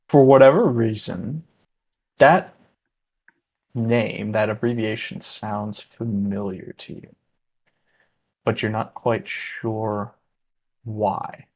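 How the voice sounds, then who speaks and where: A man runs a tabletop game in a relaxed, mid-pitched voice. He narrates casually, wandering through asides and fillers. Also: slow pace, pauses often. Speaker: game master.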